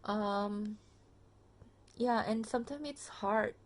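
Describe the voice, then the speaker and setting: A woman's voice: medium pitch, takes it slowly. A tired woman giving a casual pick-a-card tarot reading to her viewers into a phone camera, chatty and full of fillers, speaking straight to the listener. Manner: chatty, many fillers and restarts, addresses viewer directly. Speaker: tarot reader.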